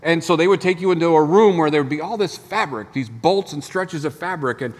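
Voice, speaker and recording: A man's voice: fairly high pitch, fairly quick, big-room sound. A man preaching a sermon as pastor, in a conversational storytelling manner full of rhetorical questions. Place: church sanctuary.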